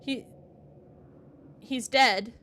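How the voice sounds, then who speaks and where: A woman's voice: on the high side, fairly even intonation, extremely slow, fairly bright tone. A woman playing a story game, reading its narration aloud and chatting between lines in a giggly, chatty way. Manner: giggly, chatty, reads narration then comments. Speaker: let's-play streamer. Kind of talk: casual game playthrough, reading game text aloud.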